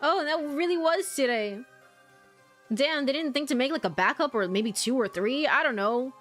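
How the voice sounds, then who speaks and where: Reacting to a game's story while streaming, a young adult woman keeps up casual, animated commentary full of swearing and laughter. Her pitch sits high and she talks at a normal speed over faintly audible game music.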